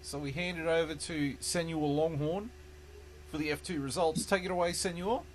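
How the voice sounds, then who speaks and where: A man's voice: on the high side, moderate pace, a little hiss or hum. A man hosting a casual sports podcast, joking, swearing and laughing often. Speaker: podcast host. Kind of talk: casual chat.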